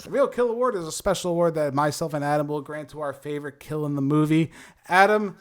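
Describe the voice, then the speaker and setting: A man's voice: a little high, fast talker, very noisy. Enthusiastic young man reviewing movies. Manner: enthusiastic, swings into showy announcer lines. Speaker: movie review show co-host. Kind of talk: casual movie review chat.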